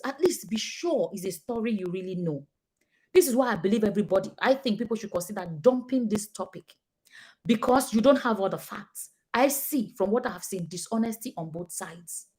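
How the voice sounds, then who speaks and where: A woman with a Nigerian accent giving casual, emphatic commentary to her viewers, acting out the people she quotes. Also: fairly high pitch. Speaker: vlogger.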